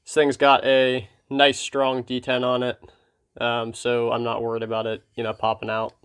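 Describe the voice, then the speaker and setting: A man from Pennsylvania hosting his knife vlog, talking casually and wryly, his voice slightly froggy and hoarse. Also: medium pitch, completely flat delivery, normal speed, fairly bright tone, slight background noise. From Pennsylvania, USA. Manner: laid-back and wry, with filler ums. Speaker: knife channel host. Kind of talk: casual hobby vlog talk.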